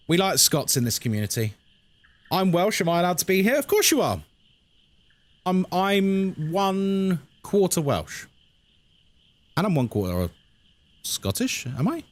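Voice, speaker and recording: A man, chatting casually and joking with his audience while live-streaming a horror game. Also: fairly high pitch. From England. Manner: chatty, jokey, self-deprecating. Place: home room by a busy road.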